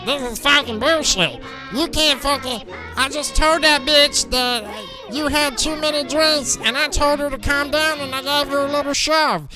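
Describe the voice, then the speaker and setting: A man's voice: extremely high pitch, unhurried, over music, voice pushed up, low-quality recording. A man putting on a voice for a small, angry man being arrested, ranting in a profane, whiny way. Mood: indignant.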